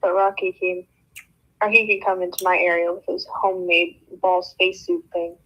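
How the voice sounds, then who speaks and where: A woman's voice: on the low side, little pitch movement, moderate pace. A woman reading a novel aloud for a book club, breaking off now and then for joking comments. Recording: dull lo-fi sound.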